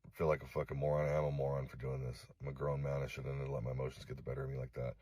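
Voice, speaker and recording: A middle-aged man from Los Angeles making a direct-to-camera apology video, halting and remorseful, swearing often. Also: very deep voice, completely flat delivery, a little mellow, no echo. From Los Angeles, USA. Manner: halting, remorseful, heavy swearing, frequent fillers. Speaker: vlogger.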